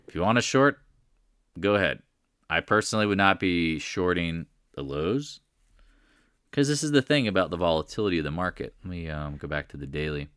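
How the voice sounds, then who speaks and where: Man, very low voice, casual live stream host, emphatic, repeats himself, dry close sound. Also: a bit bright, dry recording. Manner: rambling, emphatic, repeats points. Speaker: stock market livestream host. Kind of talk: casual live market commentary.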